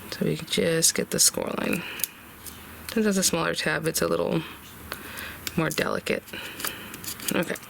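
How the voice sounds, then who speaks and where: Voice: medium pitch, animated, moderate pace, creaky, long pauses, a bit bright, slight background noise. A craft tutorial host talking casually step by step and thinking aloud while working.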